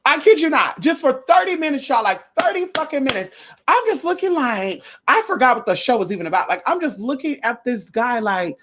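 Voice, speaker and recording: A woman's voice: high voice, brisk. A woman vlogger ranting to her viewers in a casual, profane, emphatic way, sometimes slipping into a preachy, sermon-like tone. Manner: profane, emphatic, animated storytelling. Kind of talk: casual rant to camera.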